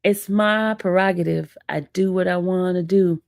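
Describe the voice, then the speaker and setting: A woman's voice: on the low side, fairly even intonation, moderate pace, creaky, a little mellow, no echo, studio quality. A woman with an East Coast American accent hosting a casual livestream, teasing and sassing her chat. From northern US. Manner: sassy, teasing, talks back to chat. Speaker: livestream host.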